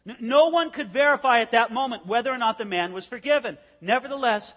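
A man preaching with a high, bright voice that rings through a large hall. He tells the story vividly, stepping into each scene as he explains it. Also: fairly quick. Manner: animated storytelling, acting out scenes. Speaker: pastor. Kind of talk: expository sermon.

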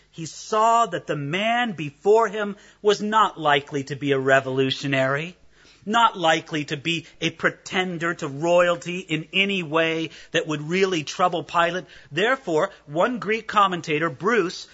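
A man preaching an expository sermon, animated and acting out the quoted voices of the figures he describes. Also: a little high, a little slow, highs cut off.

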